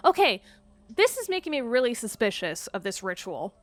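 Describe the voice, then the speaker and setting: A woman hosting a let's play, reading a text game aloud in a calm, measured way and breaking off to chat hesitantly about it. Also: on the high side. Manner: calm, measured narration, with hesitant, searching commentary.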